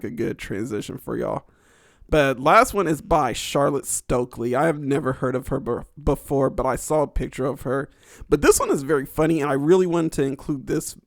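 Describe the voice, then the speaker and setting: A man's voice: medium pitch, dry recording, clean studio sound. A young adult man hosting a podcast, rambling crudely through a casual monologue and laughing often. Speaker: podcast host.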